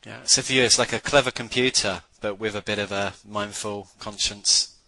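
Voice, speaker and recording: Man interviewer with a very bright voice. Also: lowish voice, fairly even intonation, normal speed, no echo, low-quality recording. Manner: laughs easily, sums up the guest's points. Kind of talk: conversational interview.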